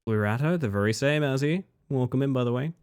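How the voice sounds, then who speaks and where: A man's voice: mid-range voice, fast, clear, resonant tone. A tired man chatting casually with his viewers while streaming a game. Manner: relaxed, chatty, talks to chat between runs. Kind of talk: casual gameplay commentary.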